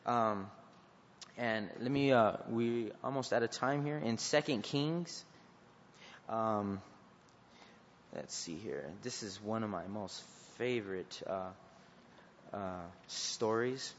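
A man giving an informal sermon to students, earnest and halting, with many fillers and restarts, then leading a prayer. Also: lowish voice, slight background noise. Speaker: youth preacher. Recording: dull recording with long reverb.

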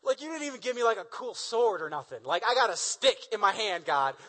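A man's voice: on the high side, a little fast, sharp tone. A man voicing Moses as a complaining, exasperated leader who pleads with God in casual slang.

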